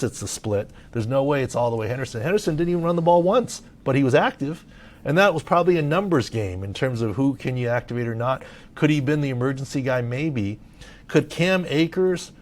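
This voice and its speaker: A middle-aged Southern Californian man talks casually on a podcast as a sports medicine analyst. He is animated, uses lots of filler words, and speaks at medium pitch.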